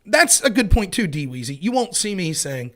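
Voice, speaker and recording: A man's voice: high-pitched, sing-song, normal speed, sharp tone. A man in his thirties hosting a casual commentary show, telling rambling stories with frequent swearing. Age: 30s. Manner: rambling, profane storyteller. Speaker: host.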